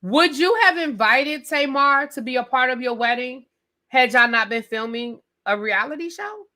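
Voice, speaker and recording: Hosting a live review stream, a sassy woman rants straight to her chat, calling them "y'all" and "baby" and repeating questions for emphasis. Her slightly high voice is bright and forceful, moving at normal speed. The flow stays animated, loose, and conversational.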